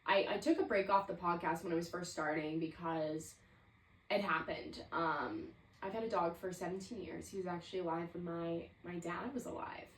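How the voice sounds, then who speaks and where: A woman's voice: lowish voice, moderate pace, roomy sound, far from the mic, slight background noise, low-quality recording. A woman in her twenties hosting a solo podcast, talking reflectively and rambling with lots of "like.". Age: 20s. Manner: reflective, rambling, heavy use of "like". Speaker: podcast host. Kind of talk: casual solo podcast monologue.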